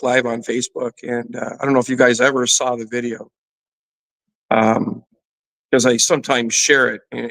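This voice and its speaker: A middle-aged former pro football player, now a fitness trainer, is a guest in an interview, candidly recounting a personal story packed with "you know." His mid-range voice is fairly bright, and the recording quality is low.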